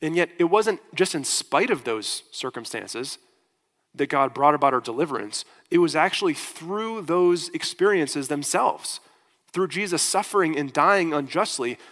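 A man's voice: a little high, a bit bright. A man, a pastor, preaching a sermon in a church with an earnest voice that swells and drops in force. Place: church sanctuary. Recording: long reverb of a church hall.

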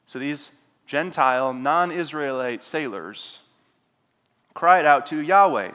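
A man preaching an expository sermon, retelling the scripture passage with animated voiced asides. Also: on the high side, slow pace. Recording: long hall reverb.

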